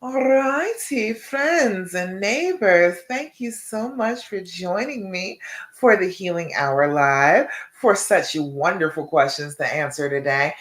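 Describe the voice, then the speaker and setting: A woman's voice: lowish voice, animated, takes it slowly, reverberant. A woman love coach, talking to a live-stream audience and checking in often with "okay?" and "all right?". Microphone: live-stream device mic.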